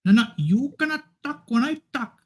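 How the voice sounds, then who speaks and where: A man's voice: expressive, normal speed, husky, full character voice. A man putting on a bossy, clipped shop clerk voice that cuts people off. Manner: high, clipped, commanding.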